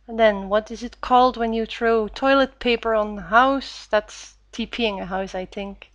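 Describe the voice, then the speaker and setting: A woman in her twenties from Belgium, unhurried and hesitant, reading a question list in a casual vlog. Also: on the high side, fairly even intonation, no echo. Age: 20s. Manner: unhurried, hesitant with many fillers, giggling.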